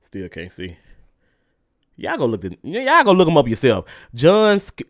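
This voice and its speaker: Profane, heated podcast host. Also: male voice, mid-range voice, huge pitch swings, a little slow, no echo, studio quality. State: mouth burning from spicy food. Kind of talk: casual solo podcast rant.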